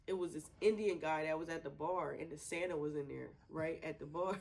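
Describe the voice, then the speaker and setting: A woman being interviewed about her twin brother, talking in a loose, chatty way with lots of laughter, and going soft and quiet when she says she misses him. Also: low voice, fairly quick, creaky, low-quality recording. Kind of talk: casual interview.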